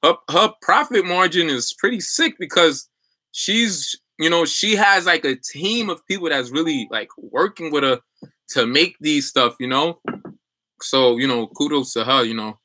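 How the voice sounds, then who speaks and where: A man's voice: fairly high pitch, a little slow, pushed and bright, dry recording. A young adult man chatting loosely on a livestream as a business coach, full of fillers and restarts while reading viewer comments.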